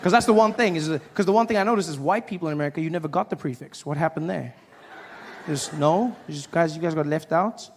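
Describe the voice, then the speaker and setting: A man performing a stand-up comedy routine, animated and acting out characters. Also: on the high side, fast, long reverb tail. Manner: animated, acts out voices and shouts. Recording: live stage with faint audience noise.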